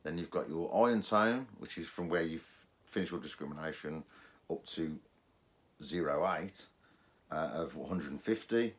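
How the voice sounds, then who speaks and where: Male presenter with a deep voice, relaxed hands-on tutorial delivery. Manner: chatty, restarts and fillers, mimics detector tones. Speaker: metal detecting presenter. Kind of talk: casual how-to explanation.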